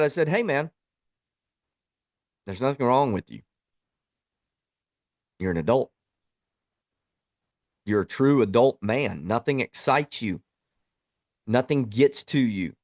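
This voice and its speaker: A man speaks in a blunt, plainspoken way, reflecting like a veteran hosting his own podcast. His voice sits at an ordinary middle pitch. The sound is dry and close, with no room echo. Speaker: podcast host, Army veteran. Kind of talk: reflective monologue.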